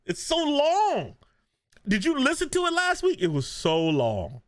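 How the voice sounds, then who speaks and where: A man co-hosting a podcast in casual chat, ranting with animated energy and laughing often. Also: very high voice, unhurried. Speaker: podcast co-host. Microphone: video podcast mic.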